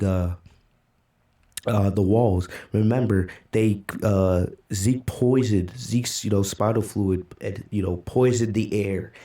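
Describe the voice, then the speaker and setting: A man hosts a casual reaction video from a home streaming setup, holding back tears as he walks through a manga chapter. His voice sits mellow and soft-edged, and he talks in a loose, rambling way, full of "you know" and "right?". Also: lowish voice. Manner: emotional, recaps events loosely with fillers. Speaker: manga reaction channel host.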